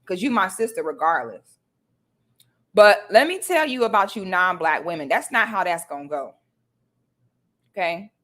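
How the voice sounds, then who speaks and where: A woman's voice: fairly low pitch, very animated, moderate pace, pauses often, a bit bright. Sassy woman ranting at the camera. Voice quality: sassy, repetitive "okay?" tag questions. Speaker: vlogger. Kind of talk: confrontational casual rant to camera.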